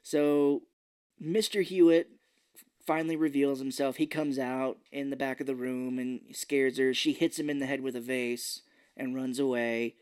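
A woman co-hosting a podcast, casually recapping a bad movie with sarcastic asides and quick put-on character voices. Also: rumbling low, fairly even intonation, darkish tone, smooth. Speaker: podcast co-host.

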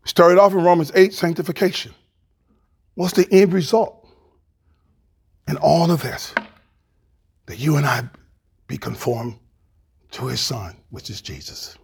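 A male pastor preaching a sermon with animated preaching that drops to a hush. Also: a little high, a little slow, creaky, long pauses, slightly rough.

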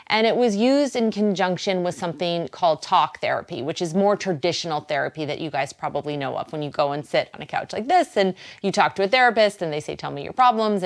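A woman with a Boston accent hosts a wellness talk show, chatting to the camera in an encouraging way. She laughs easily. Her voice sits a little low. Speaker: host.

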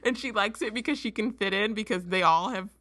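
A chatty woman co-hosting a relaxed book discussion, often laughing at herself as she talks. Her voice is bright and forceful, and it is recorded close and dry with no room around it. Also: mid-range voice, fairly quick, dry recording. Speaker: podcast co-host. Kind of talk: casual book-club chat.

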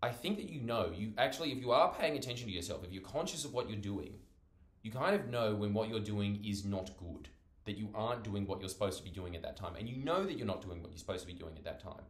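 A man's voice: fairly low pitch, lively intonation, fast talker, echoey room. A young man talking in a casual monologue, rambling, swearing freely and cutting himself off mid-thought. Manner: rambling, profane, self-interrupting.

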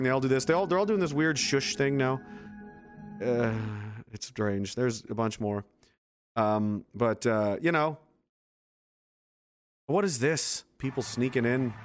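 A man giving a casual, sarcastic running commentary on footage, incredulous and swearing often. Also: medium pitch.

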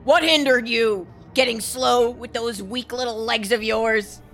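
A woman's voice: a little high, steady tone, measured pace, a bit bright, faint music behind. A woman voicing an arrogant, scornful centipede-crab monster spirit in a tabletop game. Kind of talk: tabletop role-play voice acting.

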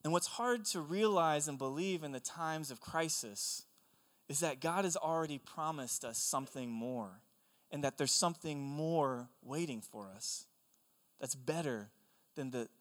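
A young man preaching a sermon, telling stories in an animated, conversational way. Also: medium pitch, moderate pace. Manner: animated storytelling, excitable and conversational. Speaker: pastor. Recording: long hall reverb.

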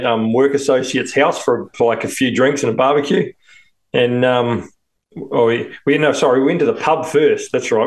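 A man with a New Zealand accent co-hosting a podcast, telling anecdotes with easy chuckles. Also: mid-range voice. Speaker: podcast co-host. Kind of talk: casual chat.

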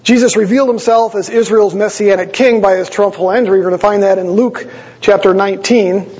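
Male pastor, husky high voice, conversational sermon, dull recording with long reverb. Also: fairly even intonation, fairly quick, darkish tone. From Wisconsin. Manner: conversational, explanatory, with small asides to the congregation.

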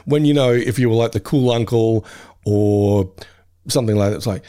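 A man's voice: lowish voice, steady tone, brisk, warm tone. A man co-hosting a podcast, bantering in a wry, joking way. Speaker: podcast co-host. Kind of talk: casual podcast chat.

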